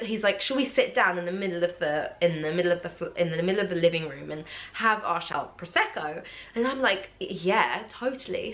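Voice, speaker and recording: A young woman talks casually to the camera, retelling a personal story. Her pitch swings widely, leaping up high whenever she acts out what someone said. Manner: animated, acts out quotes in a jumpy high voice. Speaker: vlogger.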